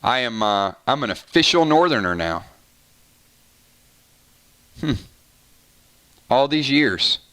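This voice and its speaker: Here the gaming channel host's medium-pitched voice turns sing-song, slow and bright, pushed along with long pauses. With his Southern American accent, he keeps the live-stream chat casual and teases viewers by debating their opinions.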